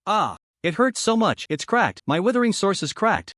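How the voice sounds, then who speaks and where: A man's voice: high-pitched, sing-song, normal speed, fairly bright tone, dry recording, clean studio sound, voice pushed up. A man doing a whiny, pained skeleton. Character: male skeleton in pain, whiny and desperate.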